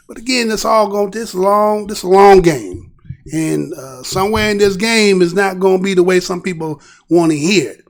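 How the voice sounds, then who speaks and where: A man hosts his own livestream, his voice pitched high with a rough, gravelly edge. He talks emphatically and animatedly, then drops into low muttering. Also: normal speed. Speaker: show host. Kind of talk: casual livestream commentary.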